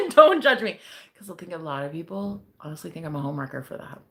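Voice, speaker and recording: A woman's voice: deep voice, huge pitch swings, brisk, sharp tone. A young woman hosting a casual livestream as a psychic reader. She chats with viewers, laughs often and swears casually.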